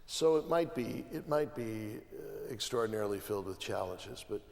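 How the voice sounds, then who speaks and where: A man's voice: fairly low pitch, expressive, moderate pace, creaky, a little mellow. A man from the American Midwest, an archbishop speaking as a guest on a panel. He talks emphatically, piling up repeated phrases and restarting his sentences. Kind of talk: conversational panel talk. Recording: long hall reverb.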